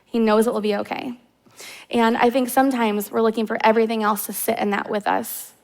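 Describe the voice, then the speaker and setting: A woman's voice: on the high side, level tone, a little fast, vocal fry. Woman, 30s, Midwestern American accent, preacher, heartfelt personal sermon, casual fillers, stage mic. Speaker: guest preacher. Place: church stage.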